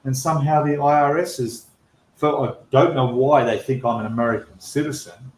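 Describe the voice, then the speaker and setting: A man's voice: mid-range voice, fairly even intonation, normal speed. Exasperated Australian man in a roomy echo. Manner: exasperated, emphatic complaining with repeated restarts. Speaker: channel host. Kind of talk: live stream Q&A monologue.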